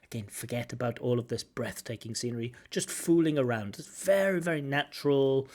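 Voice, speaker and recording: Guy explaining test feedback, lively and expressive, over a video call. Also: medium pitch, brisk. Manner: animated, acts out intonation with singsong syllables. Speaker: IELTS examiner giving feedback. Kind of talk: spoken feedback on a recorded test.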